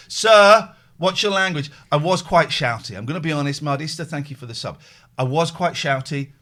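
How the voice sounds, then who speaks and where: A middle-aged man hosts a casual live stream and tells his story with a lively, swinging pitch that rises and falls a lot. His voice sits a little high for a man, and he acts out both sides of the phone calls in an animated way. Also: normal speed. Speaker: host. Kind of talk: casual chat, livestream storytelling.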